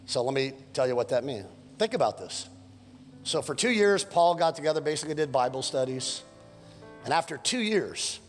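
A male pastor preaching a sermon, telling stories with playful asides and building to fired-up calls, his voice a little hoarse from preaching several services. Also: a little high. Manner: animated, storytelling with playful asides and rising exhortations. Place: church sanctuary. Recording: long church hall reverb.

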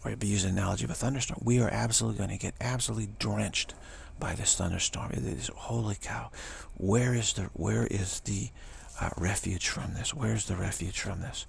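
A man's voice: fairly low pitch, fairly even intonation, a little fast, gravelly, few pauses, a little hiss or hum. A man giving a rambling, emphatic spiritual talk as a teacher, often dropping into whispers. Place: Bay Area, California.

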